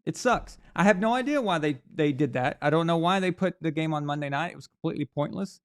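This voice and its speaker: His voice is smooth, animated, fast, and on the high side as he hosts a live sports talk stream. Speaking into a desk mic on camera, the man rambles through opinions, often restarting and using fillers.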